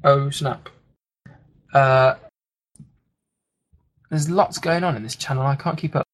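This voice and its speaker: A man commentating a live online game match, talking quickly with lots of fillers. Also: mid-range voice. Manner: rapid play-by-play with frequent fillers. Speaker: esports commentator.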